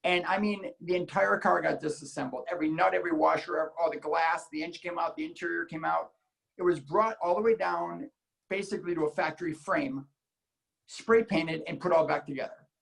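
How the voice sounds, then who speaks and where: A man from Illinois telling a story in casual chat, animated and acting out the voices he quotes. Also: a little high, brisk, creaky, rough recording. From Illinois, United States. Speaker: guest car enthusiast.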